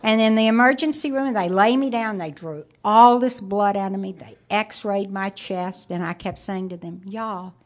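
A woman giving a personal testimony, telling it in an animated, wry way. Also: mid-range voice. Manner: animated, wry storytelling with dramatic pauses. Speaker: recovery meeting speaker. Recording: slightly muffled lo-fi recording.

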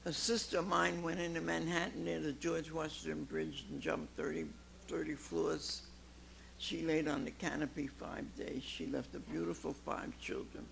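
A woman, giving an emphatic personal testimony to a recovery meeting, dropping quiet and then rising to loud exclamations. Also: sits low, little pitch movement, measured pace, vocal fry, a little hiss or hum. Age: 90s.

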